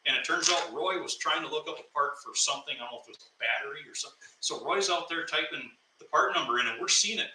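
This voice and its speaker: A man telling a workplace prank story in casual chat, animated and laughing as he goes. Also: on the high side, fast talker, few pauses, slight background noise. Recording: echoey room, mic at a distance.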